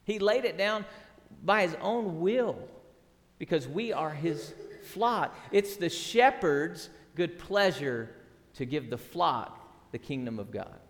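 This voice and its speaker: A man's voice: on the high side, expressive, slow. A middle-aged man preaching a sermon as pastor, earnest and emphatic, with repeated words and rhetorical questions. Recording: long hall reverb.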